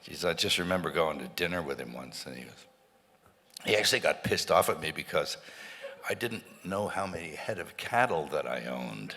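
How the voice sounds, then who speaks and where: This male guest has an extremely low, expressive voice at normal speed, bright and forceful. He's telling rambling anecdotes to a live audience in a large hall, with many restarts and laughter, captured with stage reverb and faint noise.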